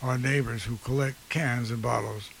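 A radio co-host putting on a measured public-radio announcer voice, lower and slower than his usual talk. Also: fairly even intonation, gravelly, a bit bright, slight background noise, low-quality recording. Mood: solemn.

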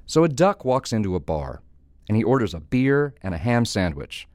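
Playful radio host with a lively voice. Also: male voice, on the low side, normal speed, no room sound. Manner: playful, enthusiastic storyteller. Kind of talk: radio call-in joke show.

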